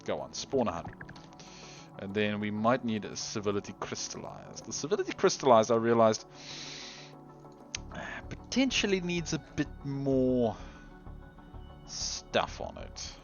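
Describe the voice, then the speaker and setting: Lively, giggly man narrating gameplay. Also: fairly low pitch, unhurried, creaky, long pauses, muffled recording, soft background music. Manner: chatty, giggly, trails off into quiet mutters. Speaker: game video host. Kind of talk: gameplay commentary.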